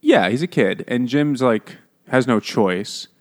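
A man chatting casually about a book as a podcast co-host, emphatic and animated, slipping into mock voices to act out quotes. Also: medium pitch, measured pace. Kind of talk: casual chat.

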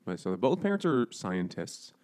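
A man's voice: lowish voice, very animated, moderate pace, darkish tone. A man co-hosting a casual podcast, joking around and laughing often. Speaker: podcast co-host. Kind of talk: casual chat over beers.

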